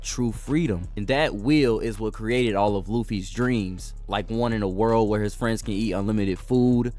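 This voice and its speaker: A man's voice: on the low side, unhurried, darkish tone, soft background music. A young man hosting an anime commentary channel, narrating a scripted video essay in a casual, enthusiastic way with slangy asides.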